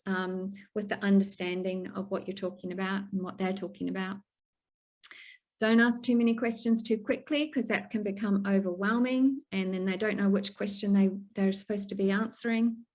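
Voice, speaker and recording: Her voice is medium-pitched and darkish, with fairly even intonation and a moderate pace. She's a middle-aged speech pathologist from New Zealand speaking online to a stroke support group over a video call, in a plain, practical way full of fillers and restarts.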